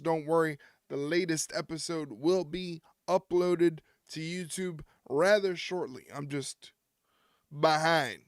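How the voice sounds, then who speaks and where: A man hosts a live watch-along in a casual, joking way. His voice sits a little high and sounds dry and close to the mic, with no room echo. He keeps the chat loose and teases a friend between plugs for his show. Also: clean tone. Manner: joking, teasing a co-viewer. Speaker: podcast host streaming a watch-along. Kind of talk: casual live-stream commentary.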